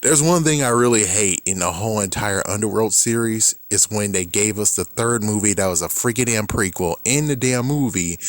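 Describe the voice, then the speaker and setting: A man's voice: on the low side, no echo, studio quality. A man ranting casually about movies, profane and exasperated, often acting out what other people say. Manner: profane, exasperated and animated, acts out quotes. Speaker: movie commentary vlogger.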